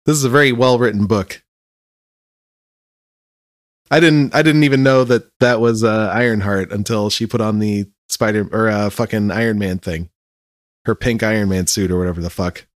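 A man's voice: on the low side, steady tone, normal speed, no room sound, studio quality. A man co-hosting a casual book review chat, laid-back and agreeable, laughing often. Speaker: podcast co-host.

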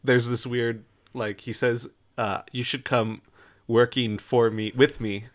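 A man's voice: medium pitch, little pitch movement, slow. A man co-hosting a podcast, talking through a film in a casual, analytical way with some hesitant fillers. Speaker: podcast co-host.

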